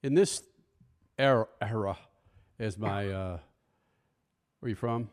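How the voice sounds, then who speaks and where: A middle-aged man hosting a motorsports radio show in a studio, talking in a blunt, lively, joking way. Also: fairly low pitch, slow pace. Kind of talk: casual sports radio talk.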